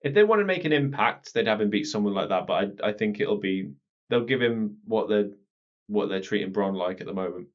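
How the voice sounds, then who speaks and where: A man's voice: lowish voice, expressive, brisk. A man co-hosting a wrestling podcast and leading a casual chat, steering the talk through the event. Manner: leads the talk and walks his co-host through the event. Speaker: podcast co-host. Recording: dull lo-fi podcast audio.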